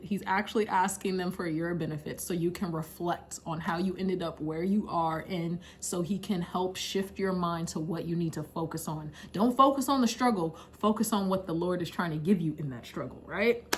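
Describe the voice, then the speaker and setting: A young woman casually retelling a Bible story in a slangy, chatty way, laughing often. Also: mid-range voice. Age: young adult. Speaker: Bible study vlogger. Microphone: camera mic.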